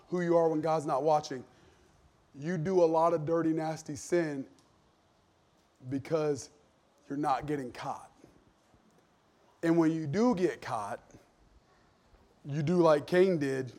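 Man, thirties, pastor, sermon, church, earnest, loud then hushed, higher voice. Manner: earnest storytelling, swings from loud preaching to hushed confession. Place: church sanctuary.

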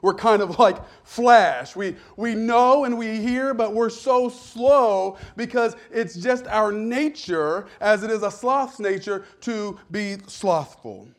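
Joking higher-voiced male pastor. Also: slow pace, hardly any pauses. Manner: humorous, self-deprecating storytelling. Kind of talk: sermon.

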